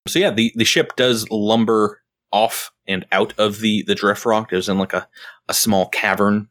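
A man narrating as game master in a tabletop role-play, relaxed and rambling. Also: on the low side, moderate pace, no room sound, studio quality. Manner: relaxed, rambling with fillers and restarts.

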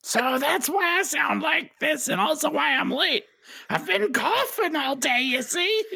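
A woman's voice: sits high, expressive, unhurried, pushed and bright, heavily acted. A woman voicing a small sly male trickster bluffing as a cadet over a radio, in a scratchy voice, stammering flustered excuses. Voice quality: scratchy, raspy. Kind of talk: tabletop role-play voice.

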